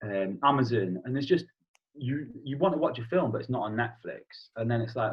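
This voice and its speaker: A young British man chatting casually as a podcast guest, swearing now and then and telling a joke with lively, animated delivery. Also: mid-range voice, a little fast. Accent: British English. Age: young adult. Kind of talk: casual chat. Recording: husky voice, dull lo-fi sound.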